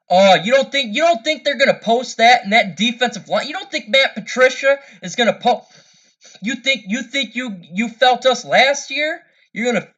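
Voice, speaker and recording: A man's voice: very high-pitched, a bit bright. A man delivering a heated, angry sports rant, repeating himself and stumbling over restarts. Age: older than 13-year-old's parent, adult. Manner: angry, repetitive, stammering restarts. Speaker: fan commentator.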